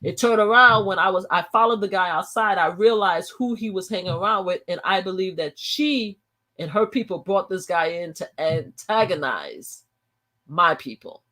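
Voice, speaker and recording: A woman's voice: lowish voice, expressive, moderate pace, sharp tone. A woman hosting a live stream, talking casually in an emphatic, heated way and often repeating and restarting her phrases.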